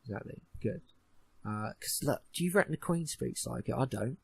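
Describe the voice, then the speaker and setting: A man's voice: medium pitch, expressive, moderate pace, gravelly, darkish tone, breathy edge. A young man co-hosting a podcast, ranting and mocking in casual chat, swearing often. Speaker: podcast co-host.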